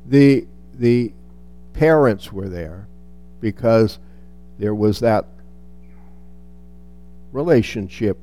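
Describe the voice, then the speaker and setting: A man's voice: lowish voice, drawn-out words, long pauses, warm tone. A man reading a Bible passage aloud and then commenting on it in a reflective teaching style, with restarts and touches of dry humor.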